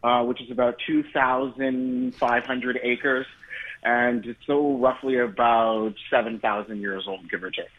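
Husky guy calling in over a tinny phone line, calm explainer. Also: medium pitch, a little slow. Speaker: radio caller. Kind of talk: explaining a fact on a phone call.

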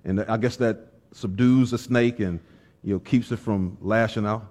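A man preaching a sermon, folksy and fervent, breaking into shouted exhortations and wry stories. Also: fairly low pitch, fairly even intonation, normal speed. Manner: storytelling with folksy humor.

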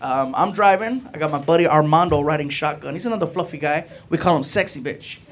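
A man doing stand-up comedy, telling a story in an animated, jokey way. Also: a little high, fairly quick. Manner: animated, jokey, acts out friends' voices.

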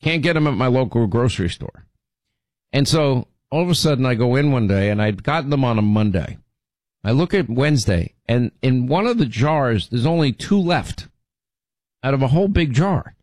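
A man's voice: medium pitch, lively intonation, moderate pace, darkish tone, no echo. A middle-aged man hosting a show, telling rambling stories and teasing his co-host in casual banter. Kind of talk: casual on-air storytelling.

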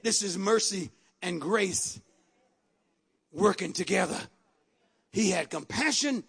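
A man preaching a sermon with an unusually high, bright voice and a gravelly edge. He reads scripture and keeps stopping to drive the point home with repeated asides. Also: a little slow, long pauses. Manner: emphatic, repeating phrases, interjecting asides.

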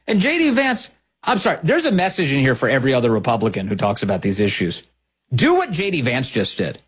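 A man's voice: sing-song, brisk, husky. A man hosting a political talk show, delivering opinionated commentary with sarcastic, mocking emphasis. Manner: sarcastic, mocking, swings pitch widely for emphasis.

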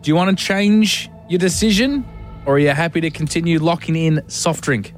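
Aussie radio host guy, jokey and upbeat, slightly high voice, faint music behind. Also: moderate pace. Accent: Australian. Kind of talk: drive-time radio chat. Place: radio studio.

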